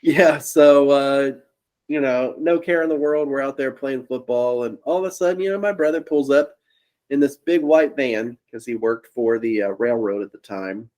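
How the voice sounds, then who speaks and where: Rambling animated young man telling a story. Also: medium pitch, normal speed. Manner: rambling, animated, laughs at his own story. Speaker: podcast co-host. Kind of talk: casual storytelling chat.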